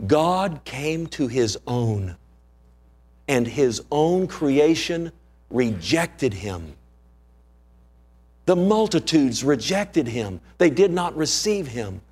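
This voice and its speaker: A man preaching a sermon with passion, firing off rhetorical questions and swinging between loud and hushed delivery. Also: on the high side, sing-song, takes it slowly, pauses often, husky.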